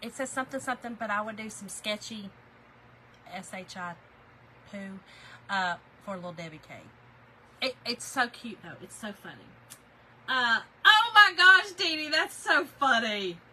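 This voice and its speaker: A woman's voice: medium pitch, lively intonation, moderate pace, sharp tone, slight background noise, low-quality recording. A woman hosting a chatty live stream, greeting viewers by name, laughing easily and getting emotional.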